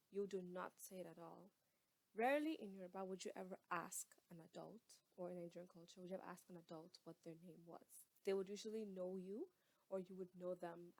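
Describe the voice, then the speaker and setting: A woman teaching a casual spoken language lesson, patiently repeating each word slowly for learners. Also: fairly low pitch, a little mellow, no echo.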